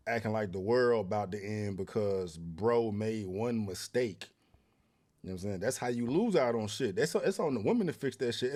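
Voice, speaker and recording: A man's voice: lowish voice, a little mellow. Blunt slangy man ranting. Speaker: commentary host reacting to clips. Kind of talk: casual reaction commentary.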